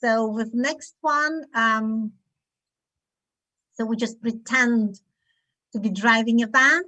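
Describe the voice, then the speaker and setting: Slow, demonstrative woman teaching phonics. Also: on the high side, pushed and bright, poor audio. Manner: slow, demonstrative, acts out sounds. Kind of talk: online teaching webinar. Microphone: video call.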